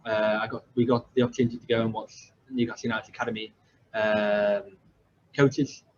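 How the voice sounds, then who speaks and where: On slightly dull lo-fi audio with faint background noise, a young podcast host from England tells his story casually. His voice is fairly low, steady and a little fast, and he rambles, mocks himself, restarts and fills gaps with fillers.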